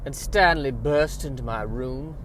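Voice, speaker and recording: A man voicing a fragile, genteel Southern belle woman with a Southern US accent, speaking slowly and theatrically. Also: mid-range voice, a bit bright, a little hiss or hum, natural voice. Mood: indignant. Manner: slow, languid, theatrical.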